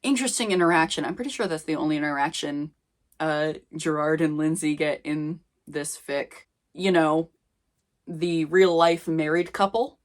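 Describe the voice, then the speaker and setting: A woman's voice: sits low, steady tone, normal speed. A young woman casually reading her old fan fiction aloud with wry, self-mocking commentary. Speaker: reader of her old fanfiction.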